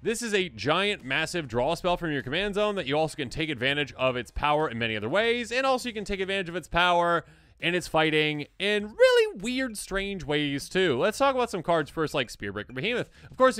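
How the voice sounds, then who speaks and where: A man hosting a casual card game review, animated and jokey, now and then acting out silly voices. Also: fairly high pitch, smooth, no echo. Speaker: host.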